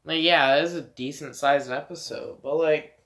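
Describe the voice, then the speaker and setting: A man's voice: a little high, steady tone, normal speed, fairly bright tone. A man giving casual game commentary, rambling and swearing with many fillers. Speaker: let's play gamer.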